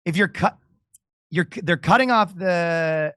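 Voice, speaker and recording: A man's voice: high voice, a little slow, sharp tone, no room sound, studio quality. A Canadian man, a comedian guest in casual podcast chat, rambling, laughing often and restarting his sentences.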